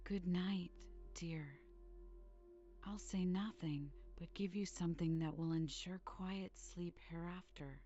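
A woman reading a hushed motherly housekeeper. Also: lowish voice, steady tone, takes it slowly, lo-fi sound, soft background music. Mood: tender. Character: motherly older housekeeper woman, brisk but kind.

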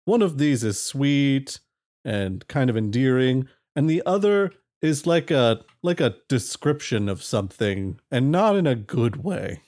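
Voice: medium pitch, expressive, a little slow, a little mellow. A player in a tabletop game who reasons out points in an argumentative way.

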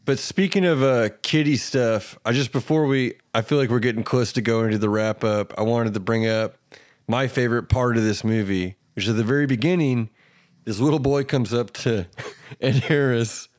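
A man's voice: mid-range voice, normal speed. A man hosting a podcast, animatedly retelling movie scenes in casual chat and laughing often. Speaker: podcast host.

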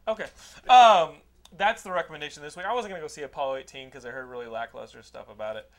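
A man's voice: on the high side, fast talker. A man hosting a casual podcast, telling a rambling, profane story with frequent laughter and restarts. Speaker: podcast host giving a movie recommendation.

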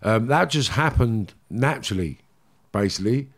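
A man's voice: mid-range voice, lively intonation, normal speed. An intense man, speaking with blunt, raw feeling and frequent swearing. He circles back and repeats his points as he talks. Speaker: guest, former criminal. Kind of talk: emotional interview storytelling.

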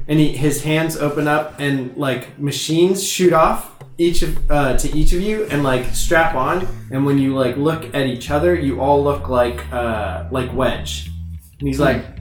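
Chatty upbeat guy running a tabletop game, bit high voice, echoey room. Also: unhurried, soft background music. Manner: upbeat, loose, filler-heavy. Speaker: podcast co-host and game narrator. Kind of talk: casual podcast chat and game narration.

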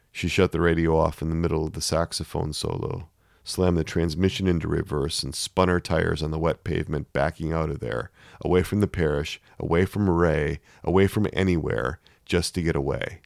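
A man narrating a story in a measured, emotive reading. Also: a bass voice, creaky, no room sound, clean studio sound.

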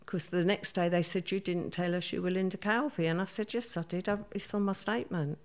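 A woman's voice: lowish voice, fairly even intonation, fairly quick, darkish tone. An older woman, telling her story as an interview guest in a plain-spoken way and acting out what people said. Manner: plain-spoken, acts out quoted dialogue.

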